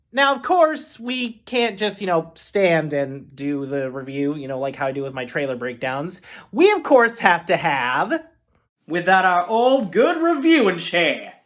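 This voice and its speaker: An excitable reviewer talks through a film in a loose, off-the-cuff monologue. Loud bursts of hype give way to quiet, mumbled asides, and the talk wanders through self-corrections. The jokes are often aimed at the speaker. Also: medium pitch. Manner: energetic and rambling, with big jumps between loud hype and muttered asides. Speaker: movie reviewer. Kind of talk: casual movie review monologue.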